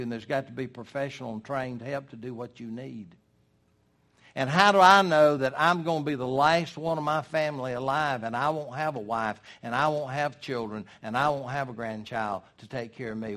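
A man's voice: mid-range voice, a little fast, a bit bright. Folksy emphatic older male preacher. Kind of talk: sermon.

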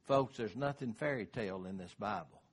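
A man's voice: on the low side, moderate pace, breathy edge. An older man, preaching a sermon in a folksy, conversational way. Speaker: pastor.

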